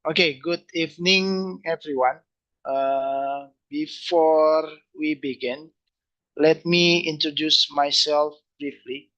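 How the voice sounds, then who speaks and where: A man lecturing, speaking haltingly and repeating phrases. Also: a little high, fairly even intonation, fairly bright tone, dull audio. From Indonesia. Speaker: university lecturer. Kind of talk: webinar lecture.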